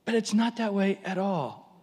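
A man's voice: sits high, expressive, a little slow, a little mellow, slightly rough, long reverb tail. A man preaching a sermon, telling a story animatedly and acting out voices.

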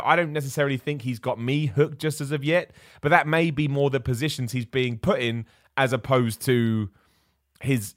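A young man with a mid-range voice hosts a wrestling chat stream, answering viewer questions casually and with strong opinions. He's animated and quick to get heated. The recording is clean studio sound with no echo.

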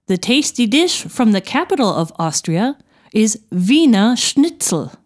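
A woman narrating a scripted language lesson, explaining sounds clearly and deliberately. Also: fairly high pitch, sing-song. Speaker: language teacher.

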